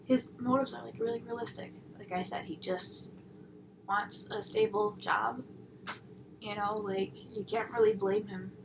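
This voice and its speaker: A woman's voice: mid-range voice, fairly even intonation, measured pace, vocal fry. A young woman reviewing an episode in a casual, rambling way, full of tangents and sarcastic asides. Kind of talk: casual chat. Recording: audible background noise.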